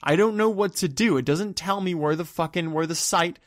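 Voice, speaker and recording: A man's voice: high voice, normal speed. Exasperated rambling man, ranting vlog. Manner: exasperated, rambling, swears often. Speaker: vlogger.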